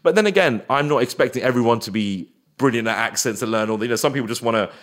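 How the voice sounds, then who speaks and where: A man talks freely as an interview guest. His voice sits at an average pitch. He is animated and keeps breaking into quick impressions and put-on voices. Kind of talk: casual interview chat.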